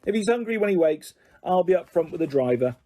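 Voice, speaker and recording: A man's voice: high voice, lively intonation, fast, dark tone, pitched above the performer's own voice. A man voicing a kindly, motherly trolley witch. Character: kindly plump woman, food trolley witch.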